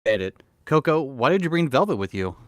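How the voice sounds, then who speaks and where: A man's voice: medium pitch, sing-song, brisk, dry recording. A man streaming with a close mic, reading a fan fiction aloud in a mock-dramatic way and cutting in with sardonic jokes. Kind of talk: comedic dramatic reading with commentary.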